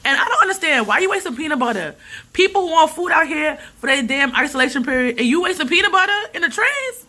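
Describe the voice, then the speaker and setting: A woman's voice: high voice, fast. A woman, chatting and ranting animatedly in a casual vlog. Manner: animated, ranting, laughs often. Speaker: vlogger. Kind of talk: casual rambling vlog chat.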